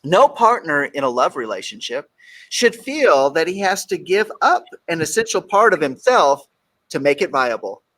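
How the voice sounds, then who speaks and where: A middle-aged man hosts a casual talk show, cracking jokes and punching up each quote he reads. His voice sits a bit high for a man. He comes from Texas. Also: very animated, normal speed, bright, forceful tone. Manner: jokey, reads quotes aloud with emphasis. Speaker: radio show host.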